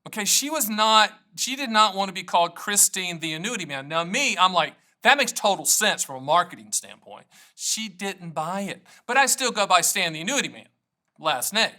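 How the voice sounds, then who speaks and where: A man's voice: high-pitched, lively intonation, moderate pace, pushed and bright. A middle-aged American man hosting a solo video, playful and self-mocking, switching between jokes and explanation. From United States. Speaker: annuity agent and show host. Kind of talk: energetic solo video monologue to camera.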